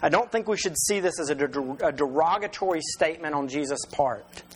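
A man's voice: on the high side, fairly quick, a little hiss or hum, rough recording. A man preaching a sermon as pastor in a conversational way, with rhetorical questions and restarts.

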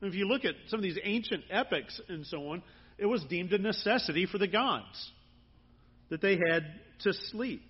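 A pastor delivers a sermon in an earnest, conversational, expressive way, at a moderate pace, with his emphasis rising now and then. His voice is high and husky, and the recording sounds a little muffled.

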